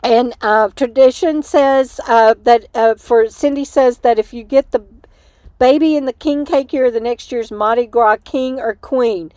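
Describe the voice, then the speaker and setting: A woman's voice: a little high, a little slow, a little mellow, no echo. An older woman, host of a casual livestream, chatting and giggling with many fillers while short on sleep inside an RV. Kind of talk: casual livestream chat reading comments. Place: small room inside an RV.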